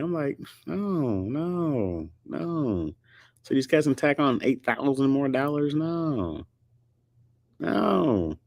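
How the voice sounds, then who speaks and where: A man from the United States chatting casually and jokingly with his audience, often jumping into a high squeaky pitch for emphasis. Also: no echo, studio quality. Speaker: streamer host. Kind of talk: casual chat.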